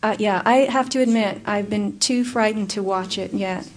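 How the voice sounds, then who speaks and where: A woman giving a public talk and answering audience questions, telling stories in an earnest, animated way. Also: medium pitch, moderate pace. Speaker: guest speaker.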